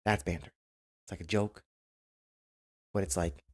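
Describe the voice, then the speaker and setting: Deep, husky man giving blunt advice. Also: fairly even intonation, unhurried, a little mellow. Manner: emphatic, repeats himself, acts out quoted banter. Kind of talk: casual advice monologue. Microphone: webcam mic.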